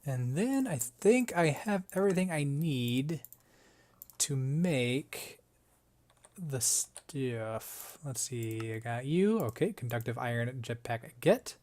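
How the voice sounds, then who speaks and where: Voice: mid-range voice, lively intonation, slow pace, darkish tone. A let's-play host giving casual gameplay commentary, thinking aloud, talking to the game and its items, with playful self-mocking asides.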